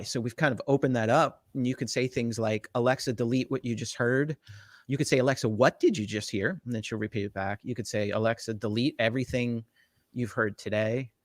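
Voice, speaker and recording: A middle-aged man talks tech in a keen, rambling flow, full of fillers and quick restarts. His voice sits at an ordinary pitch. The sound is close and dry, with no room echo. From Jersey Shore, US. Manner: enthusiastic, rambling explainer with many fillers and restarts. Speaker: tech evangelist guest. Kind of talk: casual interview explanation.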